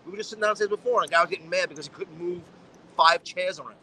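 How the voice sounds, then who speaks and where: A man's voice: high voice, racing, slight background noise, poor audio. A man telling profane anecdotes in casual chat, acting out the voices of people in his stories. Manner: animated, acts out voices in anecdotes.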